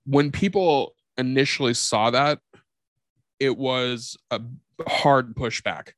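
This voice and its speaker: A male podcast host with a voice of ordinary pitch, talking casually and telling stories with lots of energy. He swears freely. The sound is dry and close, with no room around it. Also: slow, no room sound. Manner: animated storyteller, swears freely. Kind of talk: casual chat.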